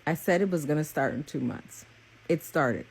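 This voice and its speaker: A woman voicing God as a calm, patient, fatherly male figure who answers in a matter-of-fact, gently teasing way. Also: low-pitched, normal speed, husky, full character voice.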